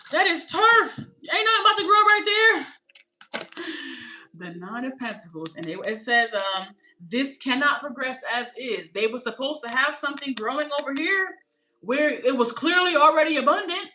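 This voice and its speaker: A woman doing a tarot reading in a casual, animated way, talking in blunt slang and throwing out rhetorical questions. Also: high-pitched, low-quality recording. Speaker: tarot reader.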